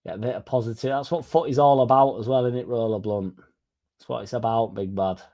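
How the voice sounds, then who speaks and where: A man's voice: medium pitch, a little fast, mellow. A young man, chatting casually and swearing as he reads out comments on his fan stream. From England. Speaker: fan channel host reading live chat. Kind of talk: casual live-stream chat.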